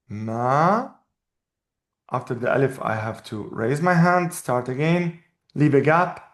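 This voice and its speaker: Male teacher, slightly high voice, patient and explanatory; echoey room. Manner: patient, explanatory, repeats words slowly. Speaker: Arabic teacher. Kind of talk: one-on-one language lesson.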